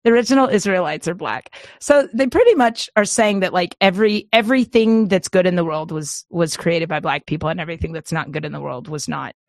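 A woman co-hosting a podcast, telling a long story in a rambling, animated way and breaking into laughter often. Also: on the low side, brisk, hardly any pauses, dry recording, clean studio sound. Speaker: podcast co-host. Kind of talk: casual storytelling chat.

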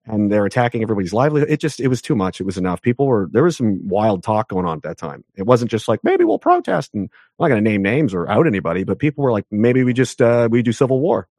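A man talking as an interview guest, ranting emphatically, with his pitch jumping up sharply on the points he stresses. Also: lively intonation, very fast, few pauses, a little mellow, no room sound, clean studio sound. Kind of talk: heated conversational interview.

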